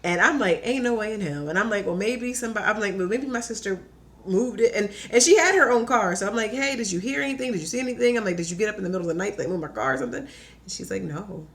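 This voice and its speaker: A young woman telling a personal story in casual chat, animated and full of "like", acting out her own quotes. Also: medium pitch, racing. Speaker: podcast guest.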